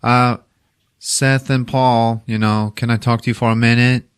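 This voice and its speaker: A man doing an impression of an eccentric, needy middle-aged filmmaker, raising his voice and pitch and talking insistently. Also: little pitch movement, measured pace, clear, resonant tone, dry recording, clean studio sound, lightly acted. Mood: cheery pushy. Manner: higher and louder than his own voice, wheedling, insistent.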